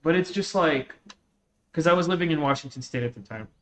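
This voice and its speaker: A man's voice: a little high, brisk. A man in his twenties from Russia, chatting casually and rambling as a streamer, with lots of "like" and "dude". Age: 20s. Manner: relaxed, rambling, heavy use of "like" and "dude". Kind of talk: casual chat while gaming.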